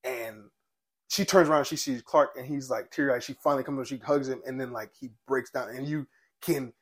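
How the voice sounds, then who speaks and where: A man's voice: mid-range voice, fairly even intonation, a little fast, breathy edge. A young man co-hosting a podcast, chatting casually and animatedly, swearing freely and retelling TV scenes with feeling. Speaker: podcast co-host. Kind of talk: casual chat.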